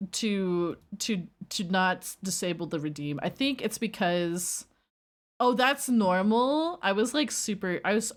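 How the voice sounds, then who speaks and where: A woman streamer chatting casually and rambling while reacting to her chat. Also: medium pitch. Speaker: livestreamer.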